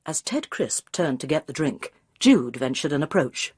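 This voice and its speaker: A woman reading a mystery novel aloud in measured, expressive narration, close to the mic. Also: low voice, breathy edge, no room sound. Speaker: audiobook reader.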